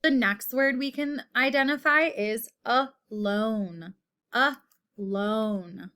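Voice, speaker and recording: A woman's voice: sits high, slow, sharp tone, clean tone. A woman teaching a phonics lesson to children, patiently repeating each word and giving example sentences.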